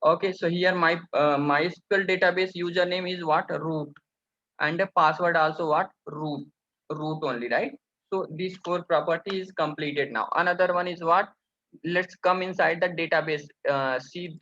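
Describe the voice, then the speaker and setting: High, bright-voiced man teaching code. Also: steady tone, moderate pace. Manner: keeps asking rhetorical questions, addresses viewers as guys. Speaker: programming instructor. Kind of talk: screen-recorded coding tutorial. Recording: dull lo-fi sound.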